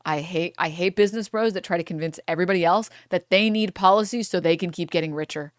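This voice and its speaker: A woman's voice: lowish voice, fast talker, dry recording, clean studio sound. A young woman streamer ranting angrily in a profane reaction commentary, breaking into laughter between outbursts.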